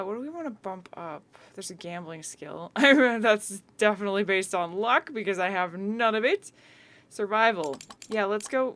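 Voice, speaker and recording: A woman's voice: mid-range voice, a bit bright. A young woman hosting a casual let's-play, chatting as she picks skills, rambling and correcting herself with small laughs. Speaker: gaming video host.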